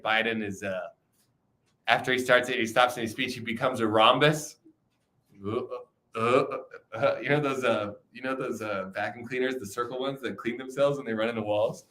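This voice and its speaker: A man's voice: medium pitch, sharp tone. Casual, profane young male streamer. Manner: loose, profane, rambling with frequent restarts. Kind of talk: casual livestream chat.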